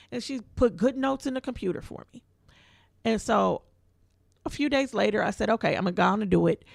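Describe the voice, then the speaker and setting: A woman co-hosting a podcast, spinning a story in loose, everyday talk. Her voice sits in a middle pitch with a gravelly fry, and she slips into the voices of everyone she quotes. The sound is close and dry, with no room echo. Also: brisk. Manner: animated storyteller who acts out quoted voices; informal, colloquial speech. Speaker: podcast co-host. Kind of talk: casual storytelling chat.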